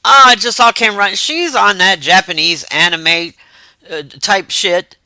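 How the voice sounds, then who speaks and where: Chatty streamer with a bright, close voice. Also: female voice, mid-range voice, a little slow, no echo. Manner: chatty, loose, reacting to chat. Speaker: livestream host. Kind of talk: casual livestream chat.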